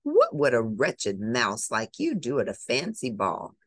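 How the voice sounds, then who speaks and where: A woman voicing the vain, cruel stepsisters in a storybook, mocking and shrill. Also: huge pitch swings, unhurried, a bit bright, breathy edge, no room sound, exaggerated voice.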